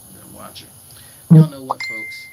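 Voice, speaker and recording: A man's voice: medium pitch, moderate pace, mellow, slight background noise, low-quality recording. A man ranting in casual commentary, profane and mocking. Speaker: commentary host.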